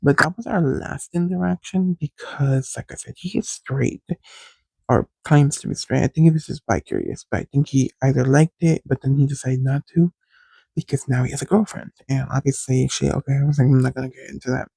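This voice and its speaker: A man's voice: medium pitch, fairly quick, gravelly, mellow, husky, no echo, low-quality recording. A man telling a personal story in a frank, rambling way, speaking straight to his listeners as a podcast host. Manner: candid, rambling, addresses listeners directly. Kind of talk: casual storytelling.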